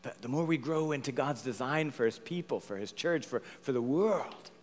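A male pastor preaching a sermon, swinging from loud emphatic lines to hushed, almost whispered ones. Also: mid-range voice, normal speed, long reverb tail.

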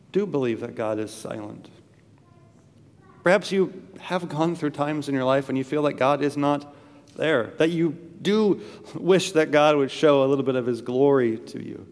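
A man delivers an earnest sermon and drives his points home by repeating phrases. His voice sits a little high for a man. The sound carries a long reverb, as in a large church. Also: a little mellow. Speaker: pastor.

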